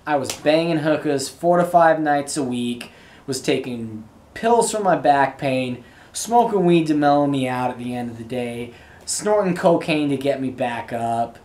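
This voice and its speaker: A man's voice: medium pitch, lively intonation, unhurried, a little mellow, pitched above the performer's own voice, close to an everyday voice. A man quoting a brash, hedonistic stockbroker from a film, crude and boastful.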